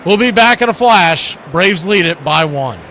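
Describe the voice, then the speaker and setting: A man calling baseball play-by-play live as host, chatting opinions between pitches. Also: expressive, normal speed, sharp tone, a little hiss or hum.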